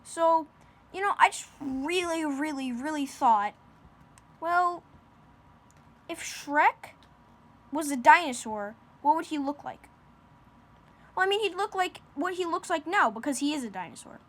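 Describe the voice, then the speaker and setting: A woman's voice: sits high, animated, unhurried, pauses often. A woman improvising a silly comic story, rambling with lots of fillers and restarts.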